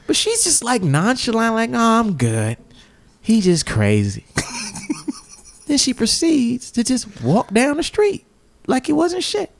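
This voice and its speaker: Guy telling a crazy story, super animated, jumps up high doing other voices. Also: measured pace, gravelly. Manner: animated, acts out voices in high pitch, swears freely. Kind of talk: casual storytelling.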